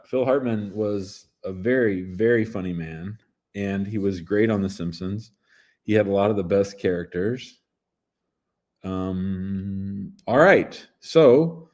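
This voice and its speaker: A man's voice: lowish voice, slow, a little mellow. A man in his fifties, an immigration lawyer hosting a casual livestream show, talking in a playful, chatty way that jumps between topics.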